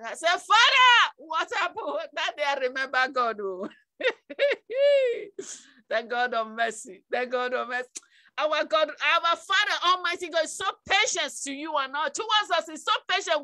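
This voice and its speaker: A woman evangelist, giving an emotional testimony sermon with repetition and sudden shouted outbursts. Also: very high voice, no echo.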